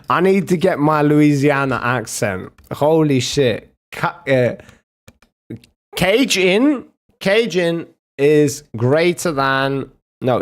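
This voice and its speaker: A young man streaming and reacting to videos in casual, profane banter, joking around and trying out accents. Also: mid-range voice.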